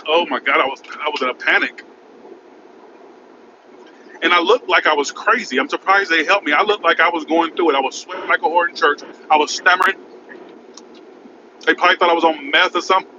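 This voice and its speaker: A man's voice: fairly high pitch, a little fast, long pauses. Frantic rambling man in a car. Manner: rambling, frantic, repeats "oh my God". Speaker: vlogger. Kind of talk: casual storytelling vlog. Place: in his car by a highway. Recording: muffled with road noise.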